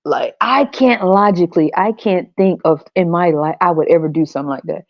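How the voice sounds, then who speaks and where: A woman's voice: fairly low pitch, fairly quick, dry recording, dull audio. Blunt, profane woman ranting on a podcast. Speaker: podcast host.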